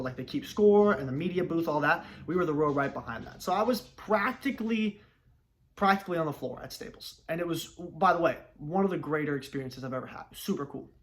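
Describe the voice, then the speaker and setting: Young man, slightly higher voice, lively casual storyteller. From Los Angeles, United States. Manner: lively, chatty, acts out family dialogue. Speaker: vlogger telling a personal story.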